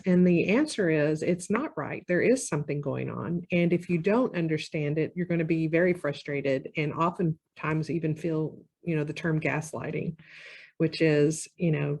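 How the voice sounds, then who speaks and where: Low-voiced woman explaining relationships. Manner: conversational, acts out quoted partners with lively shifts. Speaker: marriage therapist. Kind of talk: educational talk to camera.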